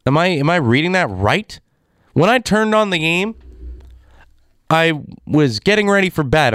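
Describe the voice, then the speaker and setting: A man rants about the week in sports, exasperated and emphatic. His voice sits a little high for a man and sounds smooth and clear. The sound is dry and close, with no room around it. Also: very animated, measured pace, pauses often, fairly bright tone, no room sound. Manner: exasperated, ranting. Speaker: sports commentator. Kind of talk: casual sports rant.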